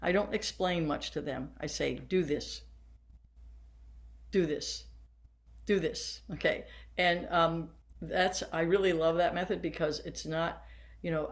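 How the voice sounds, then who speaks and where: A woman's voice: deep voice, steady tone, normal speed, creaky. Older woman leading a band lesson. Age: 70s. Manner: warm, hands-on, guiding listeners through exercises. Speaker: band teacher. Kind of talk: workshop lesson for teachers. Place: seated.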